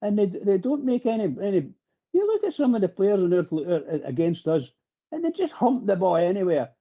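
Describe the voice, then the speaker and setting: A man's voice: high voice, very animated, brisk, muffled recording. A man talking passionately on a live radio phone-in, rambling and repeating himself as he gets worked up. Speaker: phone-in pundit.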